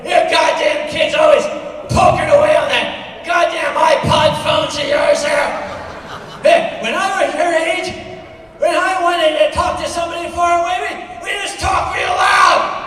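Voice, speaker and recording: A man voicing a rude, cranky old man with a cane who shouts and scolds. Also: very high voice, fairly even intonation, unhurried, some chatter behind, slight background noise, exaggerated voice. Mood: yelling at kids. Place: large convention hall. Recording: echoey hall from far off.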